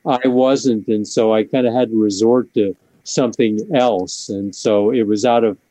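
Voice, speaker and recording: A man's voice: on the low side, fairly even intonation, moderate pace, warm tone, no room sound, low-quality recording. A man, a band member, speaking hesitantly and self-deprecatingly in a casual interview.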